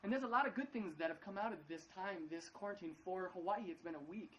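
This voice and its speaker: A man's voice: high-pitched, quick pace, a bit bright, poor audio. Guy pastor preaching from his living room, chatty, lots of ums, playful little voices, faint hum behind. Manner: chatty and upbeat, many fillers and restarts; acts out quoted lines in playful voices. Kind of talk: casual livestream sermon.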